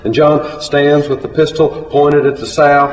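Slow-talking man telling a story. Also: a little high, steady tone. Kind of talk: live oral storytelling. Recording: echoey hall, faint ambience.

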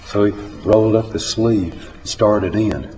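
Man, live storyteller, unhurried, long hall reverb, faint room ambience. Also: fairly low pitch, slight background noise. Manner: slow, measured telling that climbs to loud urgency.

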